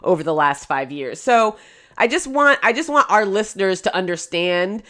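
A woman co-hosting a podcast, talking politics in a casual, indignant way with quick laughing asides. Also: mid-range voice, animated, fairly bright tone. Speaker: podcast co-host.

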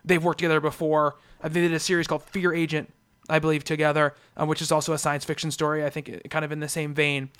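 A man hosting a comics podcast, talking eagerly in a casual chat and tumbling over his own words as he restarts sentences. His voice sits a little high for a man. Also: little pitch movement, quick pace, a bit bright, clean tone. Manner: eager, restless with many restarts and fillers. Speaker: podcast host.

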